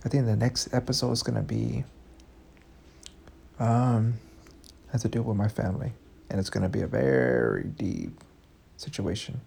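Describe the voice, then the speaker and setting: A man's voice: on the low side, lively intonation, normal speed, creaky, long pauses, warm tone, husky. A young man hosting a podcast, telling his breakup story candidly and emotionally, swearing often. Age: young adult. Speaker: podcast host. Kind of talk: casual storytelling.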